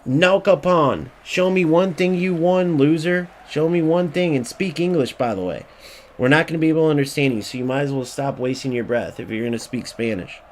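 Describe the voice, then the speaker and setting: This fairly high male voice comes with a slight hiss or hum in the background. It belongs to a gaming YouTuber whose commentary is an angry, profane rant, full of repetition and ridicule of other players, quoted in a mocking tone.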